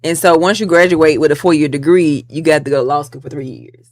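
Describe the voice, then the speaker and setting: Fast-talking woman storyteller. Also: deep voice. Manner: lively storyteller, acts out quoted voices. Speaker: guest attorney. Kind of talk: storytelling interview.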